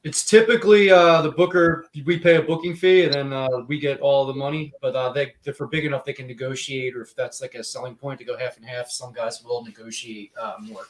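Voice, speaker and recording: A man tells chatty stories on a podcast, laughing as he goes. His voice carries a roomy echo. His pitch sits in the middle of the male range. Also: steady tone, brisk, hardly any pauses. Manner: chatty storyteller who laughs often. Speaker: podcast co-host and wrestling promoter. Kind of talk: casual podcast chat.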